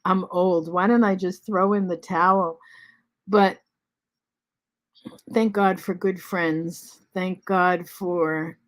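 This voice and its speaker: A woman of seventy-three talking in a halting, soft way at home, pausing with many ums and restarts. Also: fairly low pitch. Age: 70s. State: short of breath after covid. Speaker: vlog host. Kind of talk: casual spoken reflection.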